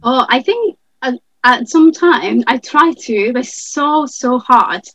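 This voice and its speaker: Female guest, hesitant soft answers, gravelly fry, dry close sound. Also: sits high, animated, slow pace, no echo, rough recording. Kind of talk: casual chat.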